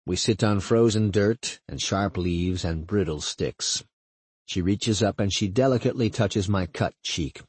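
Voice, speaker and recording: A man narrating a first-person literary story in a slow, intimate, halting manner. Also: sits low, darkish tone, breathy edge, no echo.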